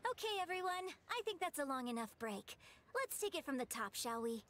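A woman voicing a composed, strict young opera mentor in a game who talks in a poised, measured way. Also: high-pitched, very animated, fairly bright tone, slight background noise.

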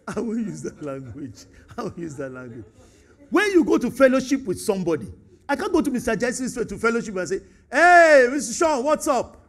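Animated Nigerian pastor, high lively voice. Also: male voice. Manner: animated, acts out dialogues, mixes in Pidgin and Yoruba. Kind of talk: sermon.

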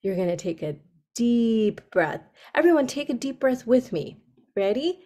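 A woman telling a story to children on a video call, speaking gently and asking them questions. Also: a little high, big pitch swings, a little slow. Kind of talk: interactive story session for kids.

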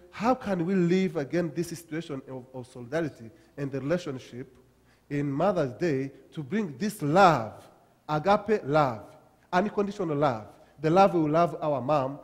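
A man from Africa preaching a sermon as pastor, with halting restarts and emphatic repetitions. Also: a little high, slightly rough. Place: church sanctuary. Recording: long church hall reverb.

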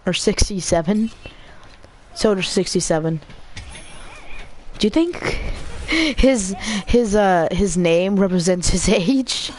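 Excitable woman chatting while gaming. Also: mid-range voice, slow pace, pauses often, a little hiss or hum. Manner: excitable, squeals and laughs, talks to the screen. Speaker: gamer. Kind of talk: casual gameplay commentary.

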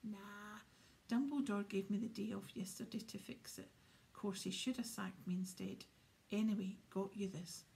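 A woman voicing a huge, soft-hearted grown male groundskeeper with rough, blunt speech in a storybook reading. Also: medium pitch, fairly even intonation, moderate pace, close to an everyday voice. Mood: gruff.

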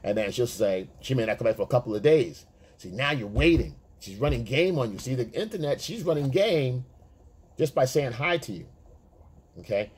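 A man's voice: mid-range voice, expressive, normal speed, darkish tone, slightly rough. A man talking as a dating coach to other men, blunt and streetwise, swearing freely and acting out chat messages. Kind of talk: casual monologue to male viewers.

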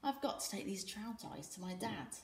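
A British woman voicing an eager, scrappy young Viking boy in a storybook reading, lifting her voice high and excited. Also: moderate pace, reverberant, close to an everyday voice. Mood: cheerful. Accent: British English.

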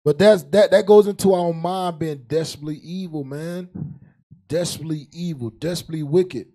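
A man's voice: fairly high pitch, steady tone, fairly quick, mellow. A man preaching a humorous sermon. He laughs often, drags out key words, and calls on a reader to recite verses. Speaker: preacher and teacher.

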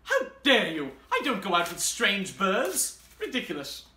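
A man puts on a prim, haughty grande dame introducing a storybook theatre show. Her pompous, affected voice is bright and swoops up and down as she talks slowly. The room around her has a roomy echo. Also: high voice, huge pitch swings, a little hiss or hum, exaggerated voice. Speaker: read-aloud host. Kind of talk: comic theatrical host persona.

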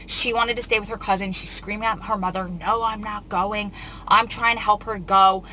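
A woman's voice: mid-range voice, fairly even intonation, a little fast, bright, forceful tone, slight background noise, low-quality recording. A young woman telling a long, rambling story to her viewers, close to tears as she talks. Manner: tearful, confiding, rambling retelling. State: on the verge of tears. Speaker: vlogger. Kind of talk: emotional storytime vlog.

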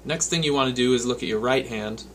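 A man's voice: mid-range voice, quick pace. A man giving a guitar lesson, patiently explaining step by step and counting picking strokes aloud as he plays. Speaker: guitar teacher. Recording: loud guitar playing behind the voice. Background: his own guitar playing.

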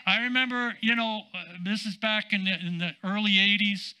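An older man, a senior pastor, preaching a sermon in an emphatic, drawn-out way with casual asides. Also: sits high, sharp tone, clean tone, poor audio.

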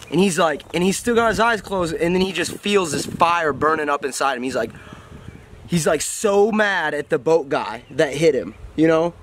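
A man with a somewhat high voice telling motivational stories in an animated, casual way. He shifts into little voices for his characters. Faint traffic drifts by outdoors. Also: normal speed. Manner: animated storytelling, acts out voices. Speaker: host and storyteller. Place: outdoors by a road.

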